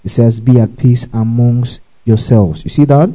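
A man preaching a teaching sermon in a deep, mellow, warm tone. He goes through the verses line by line, repeating key words. He tells listeners to underline them and checks again and again that they understand. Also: unhurried, rough recording. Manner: repeats phrases and keeps asking "do you get it?". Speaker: pastor.

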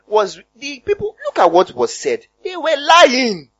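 Animated Nigerian pastor, high, lively voice. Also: male voice, moderate pace, dry recording, lo-fi sound. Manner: animated, conversational preaching, punctuated by hallelujahs. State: voice cracking. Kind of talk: sermon.

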